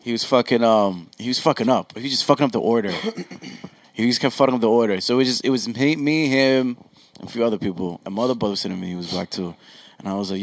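A man's voice: medium pitch, fast, no echo. A man in casual podcast banter, blunt and crude, full of street slang. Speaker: podcast co-host.

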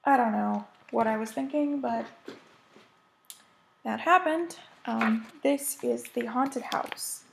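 American lady rambling about her stitching projects, kinda high voice, lots of vocal fry. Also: slow pace, long pauses, a little hiss or hum. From United States. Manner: chatty, rambling, gushing. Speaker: cross-stitch vlogger. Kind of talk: casual show-and-tell chat.

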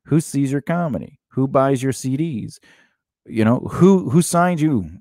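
Lively man giving career advice. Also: medium pitch, a little slow, no room sound, studio quality. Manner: animated, acts out quoted lines in changed voices. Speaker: podcast co-host. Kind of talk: casual advice chat.

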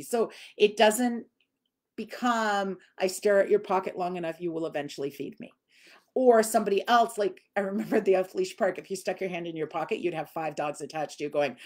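A woman dog trainer, answering viewer questions in a casual live lesson and often acting out what people say. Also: medium pitch. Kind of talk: live Q&A teaching.

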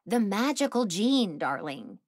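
A woman voicing a calm older aunt who is a witch, soothing and fond of endearments. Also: mid-range voice, measured pace, no echo, studio quality.

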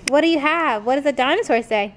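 A woman's voice: high voice, fast, crowd noise. A young woman vlogging casually, chatting and playing with her toddler in a sing-song way. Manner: chatty, playful baby talk with her toddler. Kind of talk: casual family vlog.

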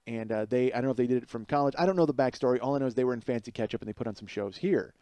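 A man in his forties hosting his own podcast, telling a rambling comic story that climbs higher and louder as he gets worked up. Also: racing, no echo. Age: 40s. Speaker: podcast host. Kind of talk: casual comedic monologue.

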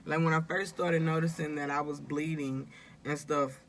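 Woman, vlogger, gravelly voice, emotional, near tears, rambling, confiding to viewers, faint background noise. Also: deep voice, fairly even intonation, normal speed. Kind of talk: casual confessional vlog.

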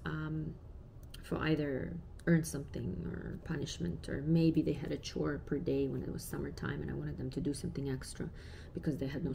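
A woman's voice: sits low, creaky, dark tone, slight background noise. A woman in her thirties, a parent vlogger talking casually and reflectively to camera with many fillers.

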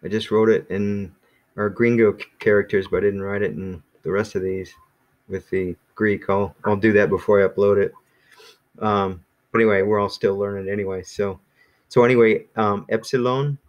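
Casting: man with a lowish voice, easygoing teacher who rambles and restarts with many ums. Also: fairly even intonation, normal speed, highs cut off. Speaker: Greek teacher. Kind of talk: casual classroom teaching.

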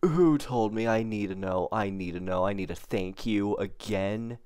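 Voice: sits low, moderate pace, a little mellow. A reaction channel host talking casually to viewers while watching anime, rambling and gushing with emotion, voice picked up by a camera mic. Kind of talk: casual reaction vlog commentary.

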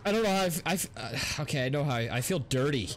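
A man hosting a gaming video, commentating a let's play in an excitable way, gasping and laughing as he plays. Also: fairly high pitch, quick pace, slight background noise. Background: game music.

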